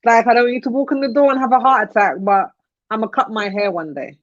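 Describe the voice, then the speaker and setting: A woman's voice: a little high, fairly even intonation, fast, dry recording. A young woman chatting on a podcast panel, telling stories and laughing often. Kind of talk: casual panel chat. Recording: dull lo-fi podcast audio.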